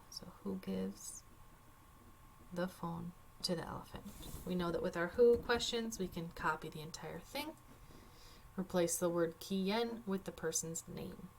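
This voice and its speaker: A woman's voice: fairly low pitch, slight background noise. A woman teacher walking through a Spanish worksheet on her screen, casual and chatty with wry asides. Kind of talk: screen-recorded worksheet walkthrough.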